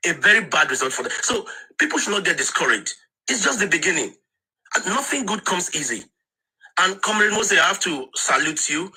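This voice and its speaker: A man's voice: sits high, very animated, brisk, sharp tone, slightly rough, low-quality recording. A man speaking on an online discussion panel, emphatic and insistent, often repeating words as he restarts.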